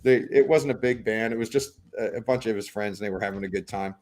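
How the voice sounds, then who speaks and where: A middle-aged man hosting a livestream, chatting in a relaxed, rambling way. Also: fairly low pitch, quick pace. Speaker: livestream host. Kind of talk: casual chat. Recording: faint music in the background.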